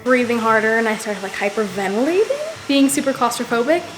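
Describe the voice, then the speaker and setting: A woman's voice: fairly high pitch, lively intonation, brisk, noisy background. A young woman telling a personal story to the camera in a casual, rambling way, full of "like". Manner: rambling, heavy use of "like". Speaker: vlogger.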